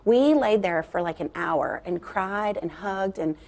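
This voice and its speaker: A woman's voice: medium pitch, unhurried, vocal fry, darkish tone. A woman, a guest author, talking candidly about faith and family in an earnest, confiding way with frequent fillers.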